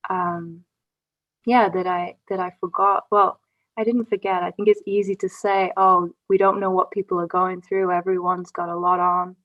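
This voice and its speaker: A woman's voice: fairly low pitch, level tone, moderate pace, dry recording. A woman in a group video call sharing a personal reflection, hesitant, often stopping and restarting. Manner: hesitant, with many fillers and restarts. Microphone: computer mic on a video call. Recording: slightly dull video-call audio.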